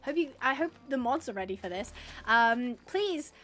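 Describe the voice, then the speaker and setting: A woman's voice: fairly high pitch, lively intonation, normal speed, fairly bright tone. An English woman live-streaming a game, chatting casually and rambling, laughing often as she reads out the chat. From England.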